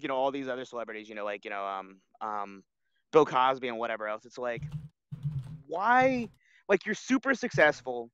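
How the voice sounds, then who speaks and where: A man's voice: medium pitch, fairly bright tone, smooth, no room sound, highs cut off. A man co-hosting a casual online show, rambling with lots of fillers and restarts. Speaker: co-host. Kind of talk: casual podcast chat.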